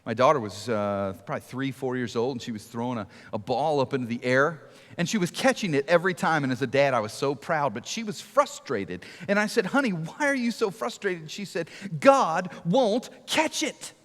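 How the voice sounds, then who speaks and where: A middle-aged man preaching a sermon to a church, telling stories and asking rhetorical questions, sometimes dropping to a hush for emphasis. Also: medium pitch, lively intonation, a little fast. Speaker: guest preacher. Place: large church auditorium. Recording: long reverb of a large hall.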